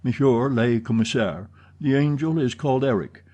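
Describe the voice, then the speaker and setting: A man's voice: mid-range voice, moderate pace, warm tone, lightly acted. A man voicing an earnest, trembling young viscount in an audiobook, speaking insistently. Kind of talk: audiobook character reading.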